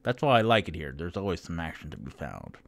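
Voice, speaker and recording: A towering half-orc warrior woman, brash and swaggering, her voice leaping high and low as she boasts, as a man puts her on. She drawls her words at an unhurried pace in a tabletop fantasy game. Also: huge pitch swings, no room sound, heavily acted. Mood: boisterous.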